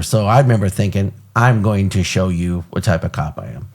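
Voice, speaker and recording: A middle-aged man hosting an interview, telling a story with lively acted-out quotes. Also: deep voice, fairly quick, few pauses, slightly rough. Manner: animated storyteller, acts out quotes. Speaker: podcast host.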